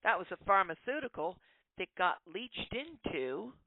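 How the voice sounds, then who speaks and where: Animated woman ranting over a tinny line. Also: mid-range voice, unhurried, no room sound. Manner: animated, ranting, full of rhetorical questions. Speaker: podcast host. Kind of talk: opinionated monologue. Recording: tinny phone-like line, dry.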